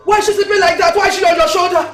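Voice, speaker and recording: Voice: very high voice, steady tone, racing, loud music behind the voice. A performer playing a frantic mother who anxiously asks what happened to her child, with a Nigerian accent. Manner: pleading, anxious questioning.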